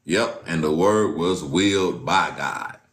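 A preacher delivers an informal sermon, reading scripture aloud in a casual, slangy manner and swinging between loud exclamations and low muttering. His delivery is slow and the sound is reverberant.

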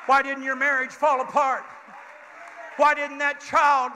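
Older man preaching, high bright voice. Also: flat delivery, measured pace, a faint crowd, slight background noise. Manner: call-and-response preaching, rising to shouts. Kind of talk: Pentecostal sermon. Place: church sanctuary. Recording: church hall reverb with congregation.

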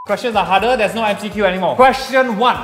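A man's voice: sits high, fast talker, background noise. A man with a Singaporean accent hosting a gaming quiz, teasing the players and dropping local slang. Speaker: quiz host. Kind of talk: casual quiz banter. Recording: echoey room with loud music behind.

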